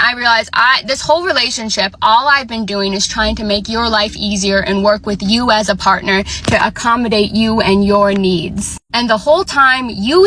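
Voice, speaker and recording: A woman's voice: fairly high pitch, no echo. A young woman in her twenties, chatting animatedly as she tells a personal story, with lots of "like" fillers. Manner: chatty and animated, heavy use of "like". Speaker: vlogger. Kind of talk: casual storytelling.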